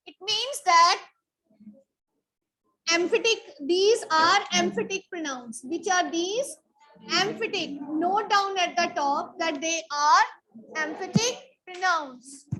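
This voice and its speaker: A woman's voice: very high-pitched, takes it slowly, long pauses, bright, forceful tone, poor audio. A woman teacher giving a grammar lesson in a school classroom. She asks a question, answers it, and repeats it as a drill, calling on students by name.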